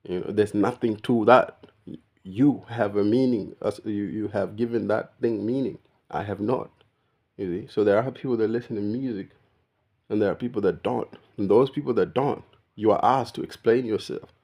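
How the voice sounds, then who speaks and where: Gravelly low-voiced man riffing casually. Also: normal speed, a little mellow. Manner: rambling, talks to viewer as "bro"; mimics other people's greetings. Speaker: vlogger. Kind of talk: casual monologue.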